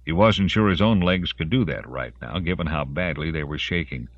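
A man narrates an audiobook from a script in a very deep voice, moving expressively across a wide pitch range with lively intonation at a moderate pace. The recording is dry, a little dull, with little room sound and no echo.

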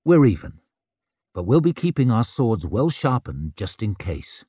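A man's voice: fairly low pitch, sing-song, moderate pace, dark tone, husky, no room sound, studio quality. A man voicing a bitter, maimed young noble who sneers and snaps. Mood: sneering. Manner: sneering, snapping.

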